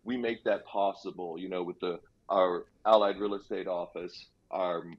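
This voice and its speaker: A man speaking as a real estate guest on a radio interview, explaining things in an easygoing way with quick asides. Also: low-pitched, fairly even intonation. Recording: dull lo-fi line.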